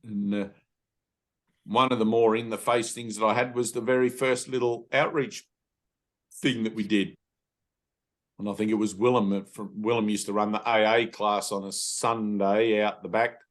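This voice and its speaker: A man leading a satsang, telling personal stories in a casual, animated way. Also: lowish voice, normal speed. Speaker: spiritual teacher. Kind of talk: satsang talk.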